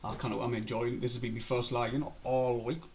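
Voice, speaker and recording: A man's voice: medium pitch, little pitch movement, a little fast, a little mellow, a little hiss or hum. Laughing man. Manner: laughs often, says "aye" and "like". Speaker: co-host of a fan live stream. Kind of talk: casual football chat and match commentary.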